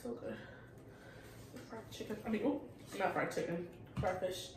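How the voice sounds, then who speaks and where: A woman's voice: fairly low pitch, very animated, unhurried. Woman, casual eating-show chat, playful, roomy echo, distant mic, background noise. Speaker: co-host. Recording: echoey room, mic at a distance, noisy.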